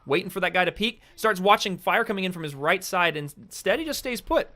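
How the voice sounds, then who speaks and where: A young American man giving solo esports-style play-by-play of a shooter game from his streaming chair, getting excited on big plays. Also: high-pitched, a little fast. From United States. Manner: excitable play-by-play, chatting with stream viewers between calls. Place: home streaming setup, seated in a chair.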